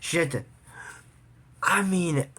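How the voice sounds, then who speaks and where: A woman's voice: fairly low pitch, slow pace, a bit bright, a little hiss or hum. A woman giving a rambling, judgmental recap of a cartoon episode in casual commentary, with frequent restarts.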